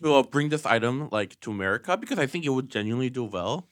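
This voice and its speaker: A man's voice: mid-range voice, expressive, quick pace, fairly bright tone. A man guesting on a podcast, describing food in eager, detailed terms in a casual chat. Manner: enthusiastic, descriptive food critique.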